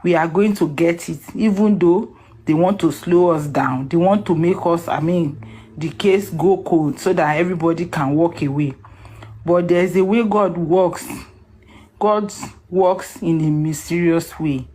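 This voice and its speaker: A woman's voice: fairly low pitch, measured pace, dark tone. A woman calling in, emotional and near tears, speaking earnestly and pleadingly.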